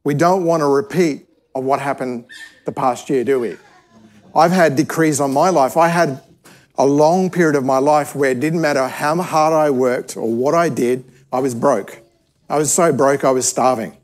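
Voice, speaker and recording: A man's voice: a little high, normal speed, a little mellow. A man preaching a sermon to a church service, telling a parable in an easygoing, conversational way and often restarting his sentences. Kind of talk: sermon teaching.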